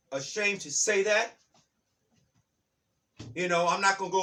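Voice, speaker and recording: Fired-up preachy man, high and bright. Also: takes it slowly, pauses often, distant mic. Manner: fired up, preachy, shouts for emphasis; repeats key lines. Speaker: motivational speaker. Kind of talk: impassioned spiritual talk.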